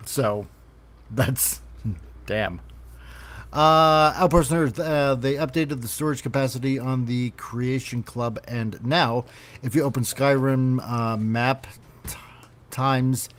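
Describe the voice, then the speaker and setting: A man's voice: medium pitch, takes it slowly, long pauses. A man hosting a casual podcast, reading gaming news with rambling, self-correcting sarcastic asides. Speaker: podcast host.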